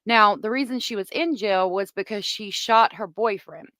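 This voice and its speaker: A woman's voice: mid-range voice, normal speed, fairly bright tone, no echo. A woman hosting a casual true crime livestream, chatty and gossipy, reading viewer comments aloud.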